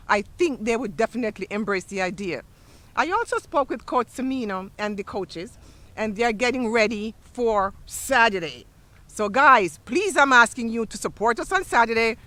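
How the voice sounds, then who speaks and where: A woman school superintendent speaks at a ceremony on an outdoor field, with a lively, joking manner. She talks straight to the crowd. Her voice is bright and edged. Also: a little high, dry recording. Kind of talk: ceremony speech.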